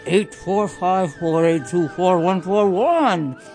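A woman from Brooklyn putting on a theatrical Transylvanian-Italian vampire voice, pleading slowly and hammily for donations. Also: on the low side, dark tone, soft background music. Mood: hammy. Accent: put-on Transylvanian-Italian. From Brooklyn, New York. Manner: slow, drawn-out, hammy pleading. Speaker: radio fund drive volunteer.

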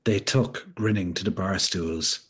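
A man's voice: sits low, steady tone, measured pace, a bit bright, husky. An Irish man, a guest author, talking wryly in an interview and reading his story aloud. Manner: wry, rambling, mischievous.

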